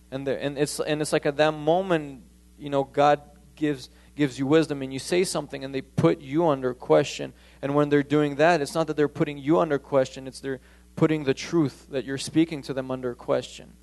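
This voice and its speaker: A man's voice: fairly high pitch, fairly even intonation, normal speed, creaky, a little mellow. Man preaching, emphatic with stammered restarts. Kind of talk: sermon.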